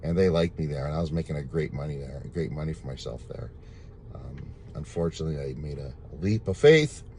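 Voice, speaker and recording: Talking fast in a very deep, gravelly, warm voice, a man gives viewers a casual testimony that rambles and repeats itself, religious and filled with gratitude to God. A little hiss or hum can be heard.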